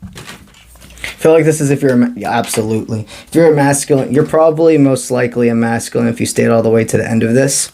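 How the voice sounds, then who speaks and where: A man giving a spiritual tarot reading to camera, talking in a calm, encouraging and mystical way with casual slang. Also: medium pitch, a little fast, vocal fry, a little hiss or hum. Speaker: tarot reader.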